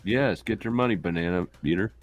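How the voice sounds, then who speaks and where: A man's voice: low voice, brisk, no echo. A man trading crude, teasing jokes in a casual voice chat. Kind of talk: crude joking voice-chat banter.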